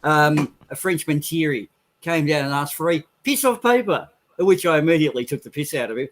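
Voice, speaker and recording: A man in casual chat, telling a cheeky anecdote in a relaxed way. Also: a little high, brisk.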